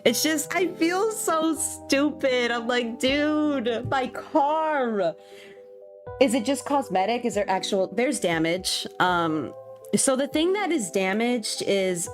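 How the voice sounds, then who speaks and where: A young woman chats casually to her stream audience, giggling and poking fun at herself as she talks, with plenty of ums. Her voice sits at a middle pitch. Soft music plays faintly behind her. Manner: chatty, self-mocking, giggly, many ums. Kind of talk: casual chat while streaming a game.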